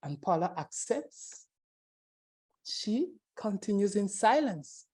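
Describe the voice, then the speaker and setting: Warm-toned woman telling a story. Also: mid-range voice, takes it slowly. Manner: expressive, repetitive storytelling. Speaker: webinar speaker. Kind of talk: dramatized storytelling talk.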